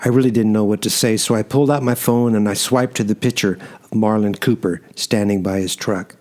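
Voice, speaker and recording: A man reading a first-person story aloud in a measured storytelling manner. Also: lowish voice, fairly even intonation, darkish tone. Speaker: narrator. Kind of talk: first-person audiobook narration.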